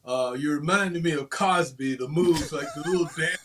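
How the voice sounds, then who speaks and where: A man's voice: a little high, moderate pace, background noise. A middle-aged man as a guest on an interview show, easygoing and laughing often. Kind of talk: casual interview chat.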